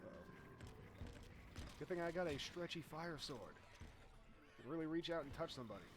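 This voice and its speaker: A man giving casual, chatty commentary over his own game, explaining as he plays and getting excited when the fight turns close. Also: a little high, a little fast. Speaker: gaming YouTuber.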